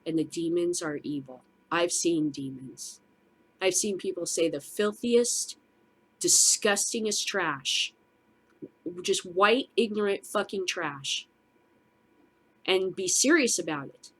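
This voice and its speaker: A middle-aged woman with a lowish voice delivers an angry, profanity-laced rant straight to her audience. She talks casually, as a vlog host would, her fury driving each line. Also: animated, slow, fairly bright tone, breathy edge. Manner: profane, furious ranting. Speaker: show host.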